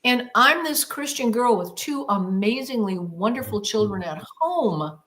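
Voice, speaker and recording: Her voice is on the high side and fairly bright, with lively intonation and a slightly slow pace. As a guest on an interview podcast, she vividly recounts a personal experience, repeating words for emphasis and acting out what she exclaimed back then.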